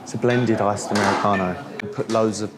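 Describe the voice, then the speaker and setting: A man's voice: fairly low pitch, steady tone, a little fast, a loud crowd. A young British man vlogging casually, blunt and swearing freely, in some stomach pain. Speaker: bodybuilder vlogger. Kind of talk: casual vlog chat.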